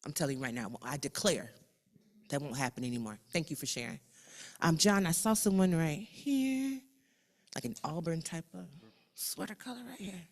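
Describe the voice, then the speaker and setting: A woman with a Southern US accent leading a workshop, animated and repeating herself, calling out the audience. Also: deep voice, normal speed. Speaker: workshop facilitator. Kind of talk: energetic workshop facilitation. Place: conference room with audience.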